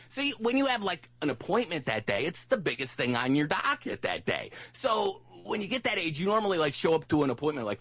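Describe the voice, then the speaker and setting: Male radio host, lively rambling delivery, dry studio mic. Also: on the high side, breathy edge, dry recording. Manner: rambling, lots of restarts and fillers; acts out his grandma's voice in anecdotes. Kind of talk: casual radio talk.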